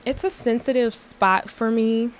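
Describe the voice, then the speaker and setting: A woman's voice: a little high, measured pace, rough recording. A young woman hosting her podcast, telling a story in a candid, emphatic rant with many filler words. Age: young adult. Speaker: podcast host.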